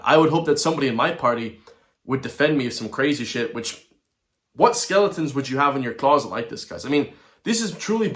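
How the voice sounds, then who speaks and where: A man's voice: on the high side, fairly bright tone. An Irish man hosting a commentary channel, ranting to his viewers in a heated, blunt and profane way. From Ireland.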